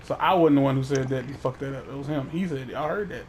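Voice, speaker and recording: A man's voice: medium pitch, fast, slight background noise. A man hosting a casual chat, talking in a profane, rambling way with many restarts. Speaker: podcast host.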